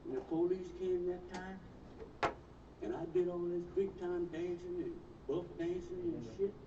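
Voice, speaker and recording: A man's voice: sits high, fairly even intonation, normal speed. A man telling a story in casual, earthy, profane speech, with a folksy drawl. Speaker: storyteller in a played recording. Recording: echoey, distant, lo-fi and noisy.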